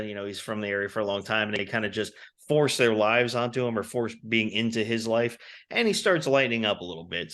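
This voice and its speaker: A man co-hosting a casual movie podcast, easygoing and quick to laugh. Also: fairly low pitch, fairly bright tone. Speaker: podcast co-host. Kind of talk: casual chat.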